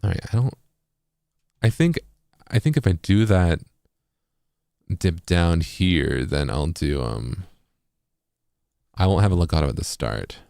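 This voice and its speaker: Very deep-voiced man explaining vocal tuning. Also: lively intonation, a little slow, gravelly, long pauses, dark tone, dry recording, studio quality. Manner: explanatory, keeps asking "right?". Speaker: music producer. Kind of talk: casual tutorial stream.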